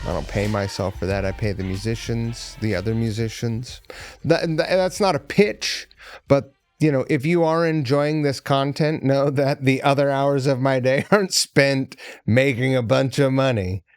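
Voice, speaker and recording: A man's voice: mid-range voice, fairly even intonation, moderate pace, dry recording, soft background music. A man hosting a podcast, chatting casually and swearing freely with a guest. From Seattle. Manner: laid-back, profane, chatty. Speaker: podcast host. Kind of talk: casual chat.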